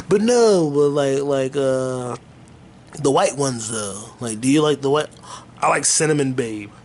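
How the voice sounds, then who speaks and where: A man hosting a podcast, riffing in a loose, jokey comedic monologue that jumps into high excited bursts. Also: slight background noise. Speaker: podcast host.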